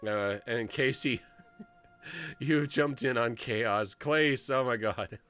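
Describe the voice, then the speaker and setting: A male streamer talking live over his game, excitable and loud at one moment and close to tears the next, his pitch swinging widely. Faint music sits in the background. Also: slow, clear, resonant tone. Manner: excitable, swinging to tearful and emotional. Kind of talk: live-streamed gameplay commentary.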